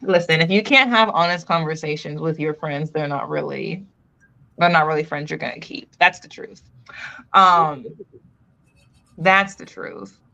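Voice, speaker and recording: Low-voiced chatty woman in her twenties. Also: vocal fry, pushed and bright. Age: 20s. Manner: chatty and teasing, with drawn-out words. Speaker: host of a reading livestream. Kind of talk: casual chat with a co-host.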